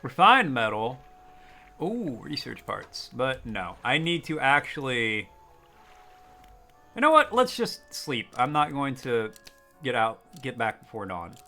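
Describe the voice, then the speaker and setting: A man's voice: medium pitch, very animated, slow, sharp tone, soft background music. A young man chatting casually while streaming a game, joking, rambling and reacting to chat.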